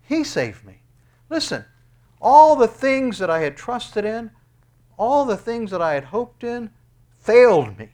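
Very animated but unhurried, a pastor delivers a sermon that includes scripture reading and a closing prayer. He alternates between booming high exclamations and soft, low-voiced asides.

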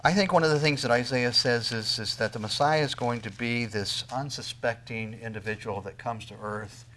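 A man preaching a sermon, talking to the congregation with rhetorical questions and swinging from loud emphasis to near whispers. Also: mid-range voice, normal speed. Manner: emphatic preaching with sudden loud peaks and quiet drops. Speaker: pastor.

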